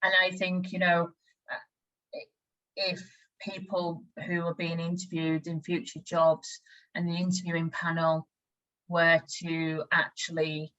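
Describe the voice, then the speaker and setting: A woman interviewing a guest, asking measured questions and agreeing readily. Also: fairly low pitch, monotone, fairly bright tone, highs cut off. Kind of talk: conversational interview.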